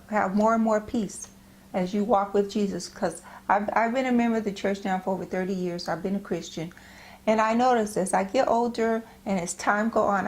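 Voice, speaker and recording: Earnest, halting middle-aged woman. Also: fairly high pitch. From United States. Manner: halting, repeats and restarts phrases; earnest, gentle encouragement. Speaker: Christian speaker. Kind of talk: personal devotional talk.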